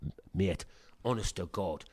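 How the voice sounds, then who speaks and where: At a measured pace, a middle-aged man from Sunderland, England, a punk singer, tells chatty interview anecdotes in his Sunderland English accent, swearing and acting out the dialogue. His low voice has a darkish tone, with no room sound.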